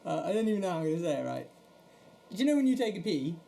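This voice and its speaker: A man's voice: sits high, very animated, rapid-fire, vocal fry, warm tone, slight background noise. A man from Portugal co-hosting a podcast in casual chat, rambling, swearing a lot and laughing often. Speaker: podcast co-host.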